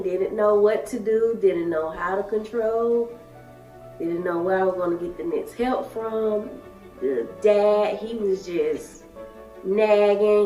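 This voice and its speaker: A woman, telling her own story in halting, emotional short phrases. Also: mid-range voice. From Alabama, USA. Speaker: daycare worker sharing her story. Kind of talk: personal testimony. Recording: echoey room, distant mic, soft music.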